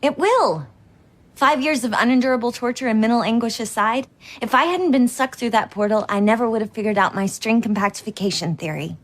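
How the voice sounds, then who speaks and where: An earnest young physicist, played by an actress, speaks with quick, upbeat hope in a TV drama scene. Her voice sits fairly high, and she sounds eager and natural. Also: close to an everyday voice. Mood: hopeful. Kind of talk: TV drama dialogue.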